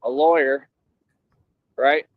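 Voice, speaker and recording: A man's voice: fairly high pitch, fairly even intonation, slow pace. Insistent man, muffled lo-fi audio. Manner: insistent, keeps asking for agreement. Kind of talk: casual rant. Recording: dull lo-fi audio with faint noise.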